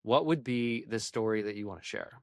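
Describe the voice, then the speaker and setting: A man's voice: fairly low pitch, brisk, no echo, studio quality. A man hosting a podcast in a casual interview chat, easygoing and joking now and then. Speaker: podcast host.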